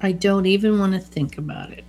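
A woman's voice: medium pitch, brisk, darkish tone. Matter-of-fact woman co-host. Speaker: podcast co-host. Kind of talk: casual chat recapping a film.

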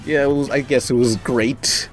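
A man's voice: medium pitch, fairly even intonation, normal speed, soft background music. A young man casually reviewing a movie with a friend, rambling, laughing often and swearing freely. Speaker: podcast co-host.

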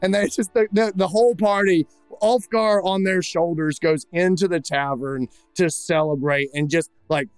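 A man narrating as dungeon master of a comedy tabletop game, jumping high to shout the crowd's lines. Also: steady tone, normal speed, clean tone, no room sound, faint music behind.

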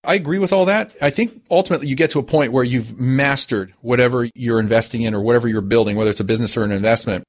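Fast-talking podcast host, a man. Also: mid-range voice. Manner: fast, conversational, steering the talk. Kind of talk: casual podcast chat.

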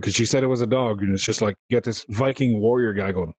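A man hosting a casual gaming podcast, telling rambling, animated stories. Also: on the low side, fast talker, few pauses, rough recording. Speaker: podcast host.

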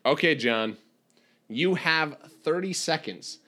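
A man runs a trivia game with a bright, tense edge to his voice. He announces questions, times answers and hands out points in a playful manner. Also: on the high side, animated, slow. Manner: announcing, playful, laughs between rulings. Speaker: quiz host. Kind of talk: game show quiz hosting.

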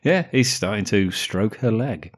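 British male co-host, low voice, mocking and sweary, laughs often. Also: expressive, unhurried. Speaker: podcast co-host. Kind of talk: casual film-review chat.

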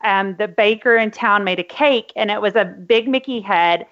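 A woman's voice: medium pitch, moderate pace, fairly bright tone, highs cut off. A woman co-hosting a podcast, telling a personal story with emotion and getting teary. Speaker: podcast co-host. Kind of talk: casual podcast chat.

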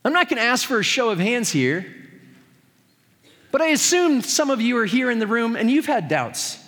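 A man's voice: very high-pitched, big pitch swings, moderate pace, a bit bright, long reverb tail. A man preaching a sermon as pastor, conversational and earnest with touches of humor.

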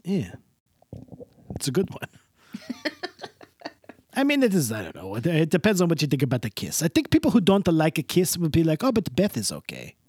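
A podcast host puts on a pushy, hospitable caricature with a mock Italian-style accent, mangling grammar as it rambles. The pitch leaps around animatedly and the tone is a bit husky. The sound is dry and close. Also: wildly swooping pitch, normal speed, long pauses, a little mellow, dry recording, full character voice. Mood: rambling. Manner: effusive, rambling, laughs a lot. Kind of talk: comic character bit.

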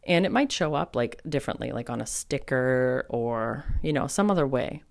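A woman hosting a solo spiritual podcast, telling personal stories in a chatty, animated way with lots of fillers. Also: a bass voice, normal speed, vocal fry, dry recording, clean studio sound. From New England. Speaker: podcast host and medium.

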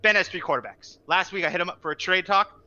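A young man co-hosting a podcast, ranting fast and profanely in a high, sharp, forceful voice. He sounds exasperated and heated. The recording is dull and lo-fi. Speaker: podcast co-host. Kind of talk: ranting casual chat.

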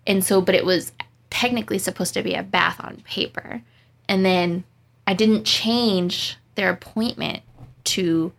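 Gravelly-voiced woman, casual podcast rambling. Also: medium pitch, a bit bright. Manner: profane, rambling storytelling with laughs. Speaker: podcast co-host, dog groomer. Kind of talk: casual chat.

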